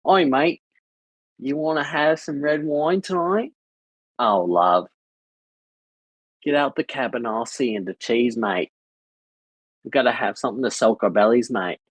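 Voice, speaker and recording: A man voicing a laid-back, boozy Australian bloke in a mock Australian accent, hearty and loud with drawn-out slang. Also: mid-range voice, expressive, breathy edge, no room sound, voice pushed up. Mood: jovial.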